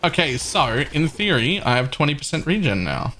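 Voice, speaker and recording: A man's voice: a little high, sing-song, moderate pace, sharp tone. A man streaming a game live, giving casual, rambling commentary and thinking aloud as he plays.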